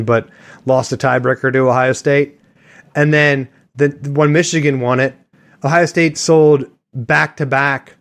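Guy on a sports podcast, rambling and joking, opinionated, mid-pitched voice. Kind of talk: casual sports chat.

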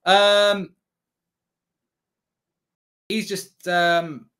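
A man giving excitable, sweary live reaction commentary as a streamer, half talking to himself. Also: high voice, extremely slow, smooth.

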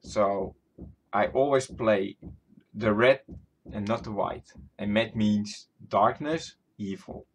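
A man with a Dutch accent chatting slowly and casually over gameplay at home. He talks to himself in a chatty, giggly way, with faint noise in the background. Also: fairly low pitch. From Netherlands. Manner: chatty, giggly, self-talking. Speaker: gaming YouTuber. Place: home room.

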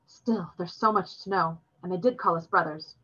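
A woman voicing a proud, quick-tempered immigrant father who talks curtly and sharply. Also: lowish voice, a bit bright, breathy edge, dull audio. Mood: softened.

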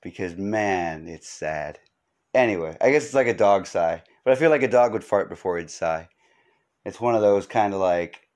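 A man's voice: sits low, animated, normal speed, a little mellow. A man hosting his own podcast, giving a rambling comedic monologue full of wry asides and fillers. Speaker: podcast host.

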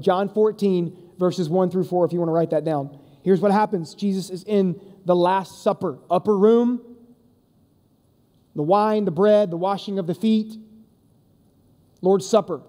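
Casual high-voiced man preaching. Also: steady tone, measured pace, long pauses, warm tone. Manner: casual, conversational, emphatic. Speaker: youth pastor. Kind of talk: sermon. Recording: long reverb of a large hall.

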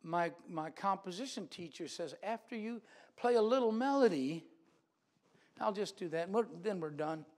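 Male preacher, high-pitched, earnest sermon delivery with repeated phrases, church setting. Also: animated, normal speed, a little mellow.

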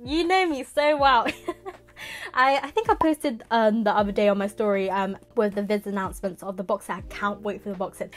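A young woman, unboxing a parcel in a casual vlog, giddy and excitable with exaggerated reactions. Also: mid-range voice, a little fast. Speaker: manga vlogger.

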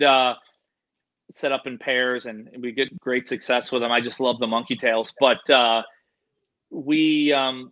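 Excitable, bright-voiced man telling stories. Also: medium pitch, highs cut off. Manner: animated, excitable, slangy, says "dude" and "like" a lot. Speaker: animal expert guest. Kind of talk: casual storytelling in a podcast interview.

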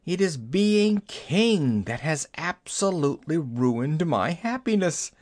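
A man's voice: on the high side, very animated, slow, darkish tone, pitched above the performer's own voice. A man reading an audiobook, voicing a self-pitying male rabbit king who talks in a mournful, complaining way.

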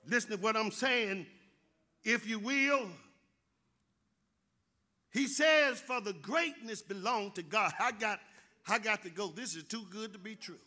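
A man with a Southern American accent preaching a sermon in church, building to shouts on key phrases. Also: sits high, unhurried, pauses often. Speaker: pastor.

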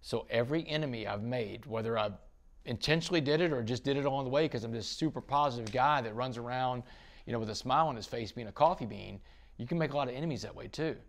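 Middle-aged man, gravelly, animated interview storyteller. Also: mid-range voice, fast talker. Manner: animated storyteller, quotes others, swings loud and soft. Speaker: podcast guest.

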